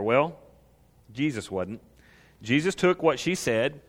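A male pastor preaching an animated sermon who asks the audience questions and acts out scenes. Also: mid-range voice, moderate pace, long pauses.

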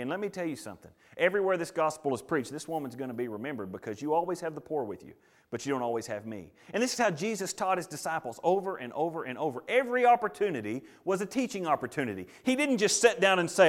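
A middle-aged male preacher delivers a sermon in a voice pitched a little high. He is animated, acts out the people he quotes, and swings from loud, ringing lines to quiet, hushed asides. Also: fast talker.

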